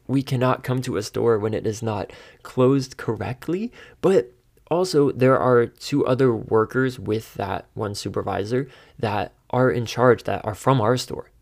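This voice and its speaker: A man's voice: lowish voice, gravelly, darkish tone. A man in his thirties talking alone on his podcast, rambling and exasperated, often laughing at himself. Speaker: podcast host. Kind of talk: casual solo monologue.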